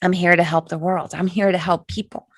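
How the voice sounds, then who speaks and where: A woman's voice: lowish voice, steady tone, fairly quick, no echo. A middle-aged woman hosting a casual guided reflection talk, chatty and earnest, often checking in with "right?". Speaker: tarot shop host and spiritual guide.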